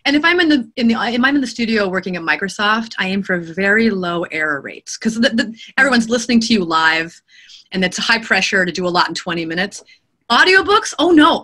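A woman audiobook narrator and voice actor being interviewed, talking in an animated way, laughing often and acting out quotes. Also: a little high. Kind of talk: interview conversation. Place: home studio.

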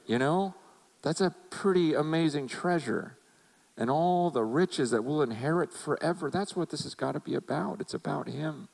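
Earnest preaching man, higher voice. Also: animated, normal speed, creaky, a little mellow, poor audio. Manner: earnest, conversational preaching with repeated words. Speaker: pastor. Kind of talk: sermon.

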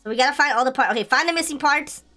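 Excitable high-voiced young woman gamer. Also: very fast. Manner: excitable, giggly, exclamatory. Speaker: gaming channel host. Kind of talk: game commentary.

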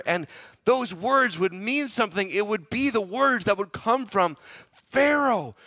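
In church, a pastor preaches a sermon, dramatically voicing a biblical figure's inner thoughts and asking the congregation to repeat lines back to him. His voice is high-pitched, pushed and bright.

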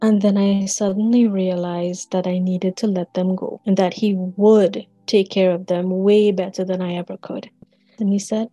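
A woman in her forties, an author and counselor, gives an earnest personal testimony in a deliberate, measured way, sometimes repeating words as she recalls the moment. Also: medium pitch, flat delivery, warm tone, dry recording, dull audio, soft background music. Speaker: author and counselor sharing a near-death experience.

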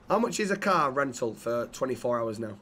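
A British man talking in character in a role-play game, eagerly pitching ideas and stumbling over his words. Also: sing-song, normal speed, fairly bright tone.

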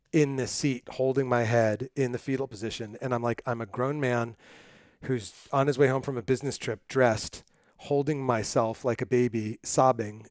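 Middle-aged male podcast host, lively storyteller, close and dry sound. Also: medium pitch, dry recording. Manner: animated storyteller, acts out quotes. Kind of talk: casual interview chat.

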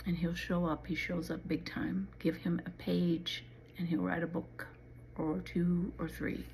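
A middle-aged woman hosting a Christian channel, giving an earnest, pleading devotional talk that sometimes drops to a soft whisper. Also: fairly low pitch, little pitch movement, a little slow, vocal fry, slight background noise, low-quality recording. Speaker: Christian channel host and author. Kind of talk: devotional talk and poem reading.

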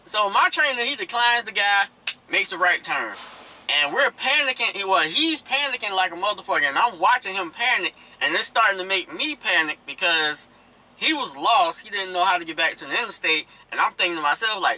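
Profane, animated trucker recounting a road story, high and very bright voice. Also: male voice, fairly quick, low-quality recording. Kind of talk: casual storytelling.

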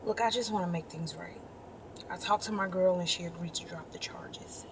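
A woman's voice: fairly low pitch, moderate pace, background noise, lightly acted. An actress playing a remorseful young woman earnestly pleading and explaining on a phone call. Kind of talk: indie web drama acting.

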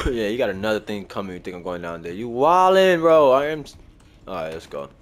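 A man's voice: low voice, very animated, fairly quick, a bit bright. A man hosting a casual let's-play of a horror game, talking in slang and breaking into sudden startled outbursts. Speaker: gaming video host.

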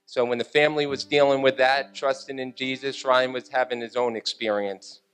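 A man's voice: medium pitch, little pitch movement, normal speed, fairly bright tone, smooth. A middle-aged man giving an earnest personal testimony on a church stage.

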